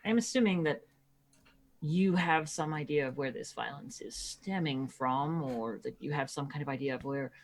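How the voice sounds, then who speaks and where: A woman voicing a shrewd, suspicious female adventurer who probes slowly and haggles. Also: deep voice, a little hiss or hum. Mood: probing. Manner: slow, probing, bargaining.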